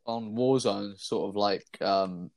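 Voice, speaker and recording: A man, telling an animated story on a casual podcast and laughing as he goes. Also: on the low side, takes it slowly, gravelly, a crowd in the background. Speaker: podcast co-host. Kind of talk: casual chat.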